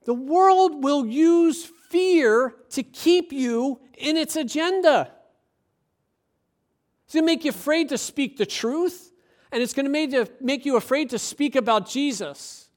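High-voiced man preaching a lively sermon. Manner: lively, acts out quoted voices, rising to emphatic preaching. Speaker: pastor.

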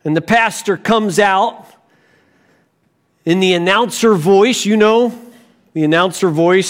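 A man preaching a sermon as pastor, deliberate, with bursts of animated storytelling. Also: sits high.

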